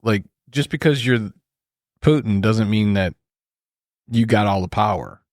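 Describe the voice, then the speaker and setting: A man with a fairly low voice chats loosely on a podcast, full of fillers and quick to laugh. His voice is recorded close and dry. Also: dry recording. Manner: laughs easily, loose rambling talk with many fillers. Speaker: podcast co-host. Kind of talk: casual chat.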